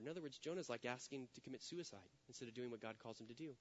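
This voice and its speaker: A middle-aged man preaching a sermon, his voice sitting a little high for a man. He tells stories with animated energy and swings between loud, lively bursts and quiet, earnest stretches. The recording is dull and lo-fi. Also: very fast, few pauses. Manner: animated storytelling, acting out quoted voices. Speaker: pastor. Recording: dull lo-fi sound.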